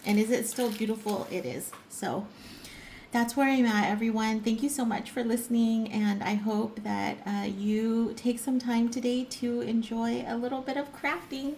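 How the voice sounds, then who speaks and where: A middle-aged woman talks her way through a crafting session at home in a loose, rambling chat. She strings her thoughts together with plenty of fillers and soft laughs. A faint hiss sits under her voice. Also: on the high side, steady tone, normal speed. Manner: rambling, chatty storytelling with many fillers and light laughs. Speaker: crafting vlogger. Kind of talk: casual chat while crafting.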